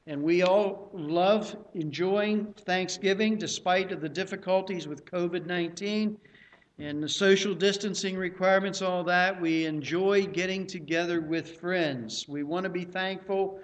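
A man preaching a sermon as a pastor, slow and unhurried with pauses and restarts. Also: high-pitched.

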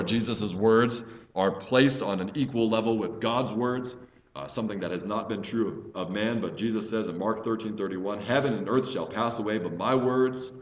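A man teaching a Bible study as a pastor, earnest, reading scripture aloud with emphasis. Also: lowish voice. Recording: echoey room.

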